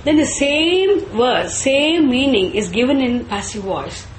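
Slow, deliberate woman teaching scripture. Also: high-pitched, lively intonation, reverberant, a little hiss or hum, rough recording. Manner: slow and deliberate, repeats and chants Sanskrit terms; asks and answers her own questions. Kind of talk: scripture class lecture.

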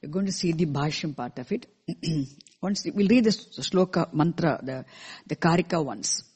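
A teacher explaining a scripture verse to a class in a measured way, repeating key terms and asking the listeners questions, with verses chanted slowly in between. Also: mid-range voice, expressive, a little mellow, husky. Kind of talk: scripture lecture.

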